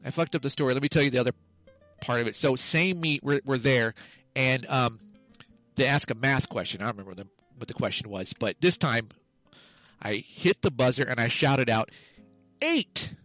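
A man's voice: medium pitch, brisk, a bit bright, dry recording, soft background music, low-quality recording. Rambling man telling a story. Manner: rambling, self-correcting, loses the thread and laughs at himself. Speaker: podcast co-host. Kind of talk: casual comedic storytelling.

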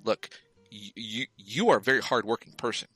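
A man's voice: lowish voice, a little fast, fairly bright tone, breathy edge, no room sound, faint music behind. A man co-hosting a podcast in casual chat, teasing his friend and laughing often. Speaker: podcast co-host.

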